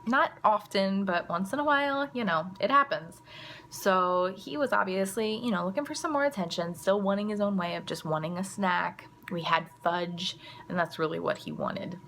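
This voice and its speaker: A woman's voice: medium pitch, moderate pace, fairly bright tone, a little hiss or hum. A mother telling a story to camera in a chatty, casual way, full of "like" and "you know.". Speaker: mother and vlogger.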